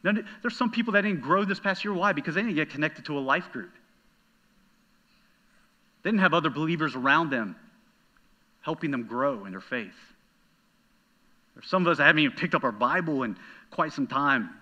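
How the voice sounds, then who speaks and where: A man preaching a sermon as pastor, telling a personal story in an animated, conversational way. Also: a little high, a little fast, pauses often, lo-fi sound. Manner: animated storytelling, talking straight to the congregation.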